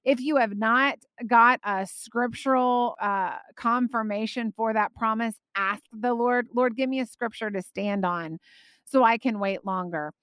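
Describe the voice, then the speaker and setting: A woman hosting a faith podcast, talking in an earnest, animated and encouraging way. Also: on the high side, a little slow, smooth, no echo. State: out of breath. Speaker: podcast host.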